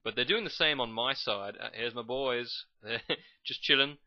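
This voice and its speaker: A man's voice: medium pitch, moderate pace, bright, forceful tone, no echo. Man rambling through game commentary. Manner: rambling, casual, self-correcting. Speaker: gamer commentating his match. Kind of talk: let's play commentary. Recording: dull lo-fi recording.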